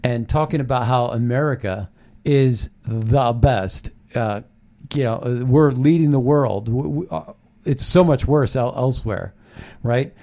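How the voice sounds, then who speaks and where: A man hosting a political commentary show, excited and rambling, with frequent restarts. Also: medium pitch, measured pace. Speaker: show host.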